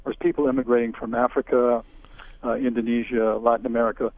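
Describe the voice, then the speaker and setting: A man calling in to a radio show who speaks haltingly and corrects himself. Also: mid-range voice, level tone. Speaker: caller. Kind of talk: call-in comment. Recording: tinny phone line.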